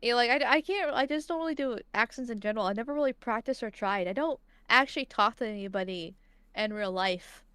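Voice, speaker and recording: A woman streamer chatting casually on a live stream, self-deprecating and halting, with frequent giggles. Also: a little high, fairly bright tone, clear, resonant tone, dry recording. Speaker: streaming guest.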